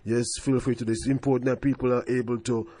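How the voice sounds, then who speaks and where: A man's voice: medium pitch, level tone, quick pace, dark tone, husky, no room sound. A man hosting a radio talk show, speaking emphatically and repeating his phrases for effect. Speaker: radio host. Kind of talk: casual radio chat.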